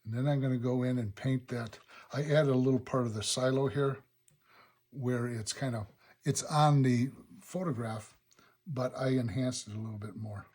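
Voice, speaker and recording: Husky-voiced man narrating a watercolor demo. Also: medium pitch, moderate pace. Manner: relaxed, thinking aloud step by step. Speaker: watercolor instructor. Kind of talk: narrating a painting demonstration. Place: painting studio.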